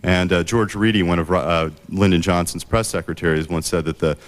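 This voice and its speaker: A man giving a prepared book talk, measured and full of "uh" fillers and restarts. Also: deep voice, steady tone. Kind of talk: prepared lecture.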